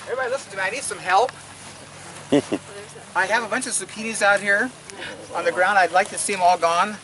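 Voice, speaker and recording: A man's voice: sits high, moderate pace. An older man giving a casual, enthusiastic tour of his garden and orchard outdoors, talking in a folksy way that stumbles and repeats words. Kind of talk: casual guided garden walk. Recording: outdoor field recording with steady background noise.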